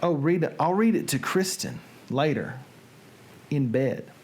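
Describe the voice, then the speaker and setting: A man's voice: fairly high pitch, expressive, darkish tone, a little hiss or hum. A middle-aged man with a Southern American accent hosting a casual livestream in a folksy, playful manner. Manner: folksy, playful, drawn-out delivery. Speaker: livestream host. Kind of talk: casual livestream chat and dramatic reading.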